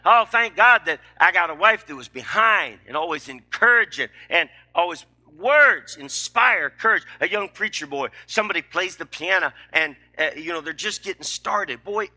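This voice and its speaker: A man's voice: high voice, lively intonation, moderate pace, few pauses, bright, forceful tone. A middle-aged man, preaching a sermon in a folksy, emphatic, joking way.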